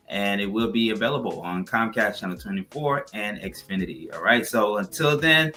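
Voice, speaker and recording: Bright-voiced talk show host man. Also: mid-range voice. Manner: upbeat, promotional shout-outs. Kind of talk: hosting and show sign-off. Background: soft music bed.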